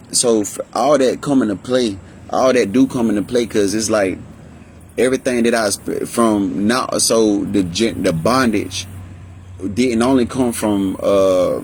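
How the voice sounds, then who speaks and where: A young male vlogger shares his life story candidly, rambling emotionally and frequently restarting sentences, and he raises his pitch when voicing family members. His voice is unhurried and a little mellow, with a faint hiss or hum in the recording.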